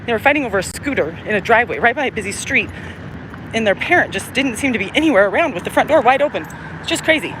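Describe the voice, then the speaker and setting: A middle-aged woman vlogs into her phone as she walks, rambling and drifting off topic, cursing casually, a bit breathless in the heat. Her pitch jumps up and down a lot. Cars and street noise come through clearly behind her. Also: animated, fast. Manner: rambling, digressive, swears freely, trails off with "anyways". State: short of breath in the humid heat. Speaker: vlogger. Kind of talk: casual rambling monologue while walking. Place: outdoors on a busy city street.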